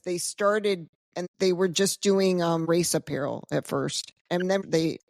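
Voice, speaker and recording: Gravelly-voiced woman hosting, dry sound. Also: lowish voice, steady tone, measured pace, darkish tone, no room sound. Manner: enthusiastic, agreeable interviewer. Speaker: podcast host. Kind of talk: casual interview chat.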